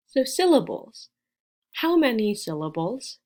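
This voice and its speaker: A woman's voice: on the low side, slow pace, noisy background. A woman in her twenties teaching beginner English, patiently spelling out sounds and repeating each word. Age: 20s. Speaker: ESL teacher. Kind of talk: slow beginner English lesson.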